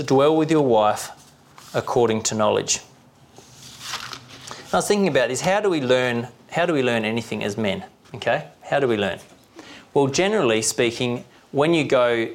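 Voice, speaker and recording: A man preaching a sermon in a conversational way, often asking the listeners questions. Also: mid-range voice.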